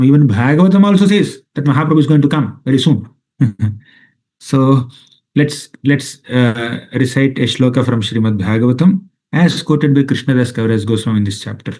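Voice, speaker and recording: A man's voice: mid-range voice, mellow. A man giving a scripture lecture, explaining Sanskrit words one by one and often checking with "right?". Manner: repeats chanted names rhythmically. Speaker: spiritual teacher.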